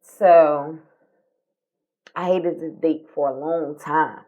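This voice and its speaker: A woman, co-hosting a podcast, telling a personal story in casual talk, by turns animated and tearful, dropping to near-whispers. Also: low voice, slow pace. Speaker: podcast co-host.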